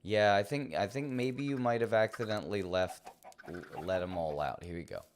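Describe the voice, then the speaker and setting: Playful male streamer, very low voice, loose rambling gameplay commentary. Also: normal speed, a little hiss or hum. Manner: playful, rambling, talks to himself and the game.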